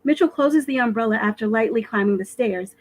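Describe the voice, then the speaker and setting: Expressive woman author reading her story. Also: a little high, a little fast, poor audio. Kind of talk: reading her own fiction aloud. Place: home, virtual live stream.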